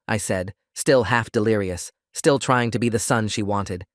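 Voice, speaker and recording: A man narrates a first-person story in a steady, scripted reading voice. His pitch sits on the low side, and the sound is dry and close with no room echo. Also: moderate pace, hardly any pauses.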